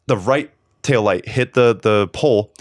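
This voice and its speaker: A man's voice: lowish voice, a little slow, dry recording, clean studio sound. A man co-hosting a podcast in casual chat, talking in a heated, rambling way and swearing a lot. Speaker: podcast co-host.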